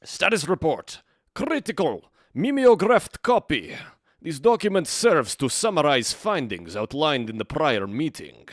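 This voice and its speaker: A man putting on a Russian accent to play a stern male Soviet officer who reads out a memo in a loud, clipped, official way. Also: a little high, sing-song, unhurried, no room sound, studio quality, pitched above the performer's own voice. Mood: officious. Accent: put-on Russian.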